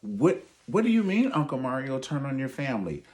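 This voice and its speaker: A man squeaking as a pestering pupil. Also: sing-song, fairly quick, a little mellow, slight background noise, lightly acted. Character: eager high-voiced questioner, a pupil pestering the teacher.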